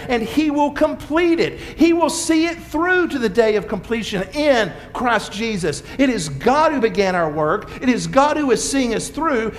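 Pastor, male, high and animated delivery, faint rumble under the voice. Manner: expressive preaching, swinging from loud emphasis to soft quiet asides. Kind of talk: sermon.

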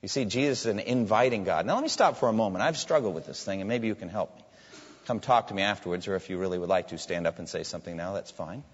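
A man's voice: fairly low pitch, quick pace, slightly rough. A man preaching a sermon, reading scripture aloud with emphasis and posing questions to his listeners. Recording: dull sound with long hall reverb.

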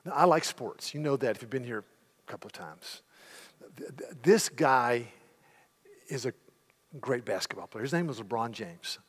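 The speaker is a middle-aged pastor preaching in a church sanctuary at normal speed, in a medium-pitched voice that pauses often. He tells the story vividly, voicing its characters as he retells the scenes, and long hall reverb echoes throughout.

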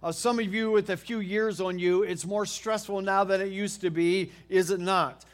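A middle-aged American man preaching a sermon, telling a homey story in a folksy, animated way with frequent restarts. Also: sits high, moderate pace. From United States. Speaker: pastor.

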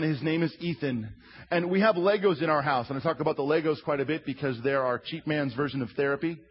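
A man in his thirties, a pastor preaching a sermon with humorous, animated storytelling. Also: fairly high pitch, slightly rough. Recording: slightly muffled recording.

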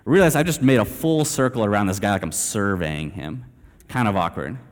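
A man's voice: fairly low pitch, animated, normal speed. A young man from Texas telling a story in a sermon, casual and self-deprecating, dropping "man" and "like" throughout. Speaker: preacher. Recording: reverberant hall.

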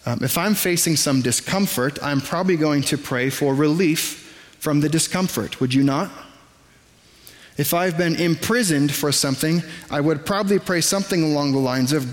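Conversational pastor preaching in a reverberant hall. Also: male voice, on the high side. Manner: conversational, self-deprecating preaching with quick asides. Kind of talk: sermon. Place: church sanctuary.

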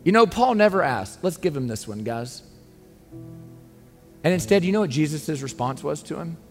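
A man's voice: fairly high pitch, very animated, normal speed. A man preaching a sermon as pastor, earnest and emphatic, pleading with his listeners. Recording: long reverb, faint music underneath.

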